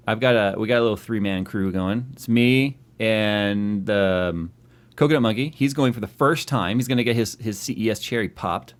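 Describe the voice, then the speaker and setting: A man's voice: on the low side, normal speed. A man hosting a tech live stream, chatting casually and teasing his co-host. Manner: teasing, joking.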